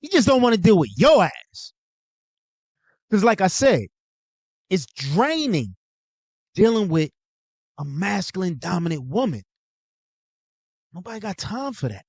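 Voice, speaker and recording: A man's voice: high voice, sing-song, a little slow, long pauses, darkish tone, breathy edge, dry recording. A young adult man hosting his own show, lecturing in a blunt, profane, casual way. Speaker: host. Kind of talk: casual monologue.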